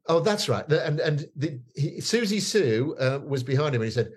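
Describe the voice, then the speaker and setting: A man's voice: medium pitch, lively intonation, a little fast, hardly any pauses, slightly rough. A man, telling stories as a guest in a casual chat, rambling with many fillers and restarts. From northeast England.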